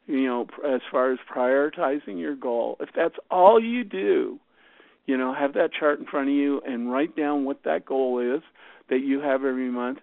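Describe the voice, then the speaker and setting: A man's voice: mid-range voice, vocal fry, no room sound. A man leading a morning conference call, giving a rambling motivational talk full of fillers and restarts. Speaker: team leader on a morning call. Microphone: phone. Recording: tinny phone line.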